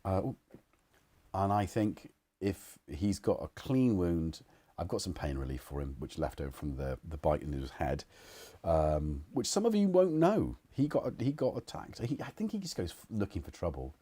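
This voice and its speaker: A man's voice: low voice, big pitch swings, moderate pace, warm tone, husky, dry recording. A man hosting a casual home livestream, rambling and chuckling as he chats to viewers and his cats. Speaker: livestream host. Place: living room at home.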